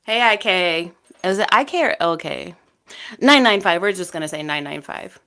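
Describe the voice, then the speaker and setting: A woman's voice: fairly low pitch, expressive, moderate pace, clear, resonant tone. A woman from Texas hosting a tarot livestream, chatting casually and thanking viewers by name as they join. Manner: chatty, warm thanks to each viewer by name, frequent fillers.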